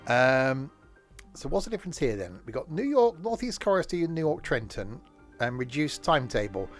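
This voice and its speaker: A hoarse man chatting casually as he streams a train game, rambling with plenty of fillers and self-corrections. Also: medium pitch, sing-song, moderate pace, faint music behind. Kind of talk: casual live-stream commentary.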